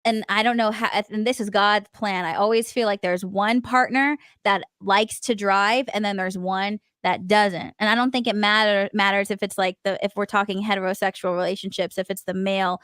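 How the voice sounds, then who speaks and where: Woman, podcast co-host, teasing, lively casual chat, dry close mic. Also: mid-range voice, moderate pace, few pauses, clear, resonant tone, no echo. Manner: teasing, animated, swears casually.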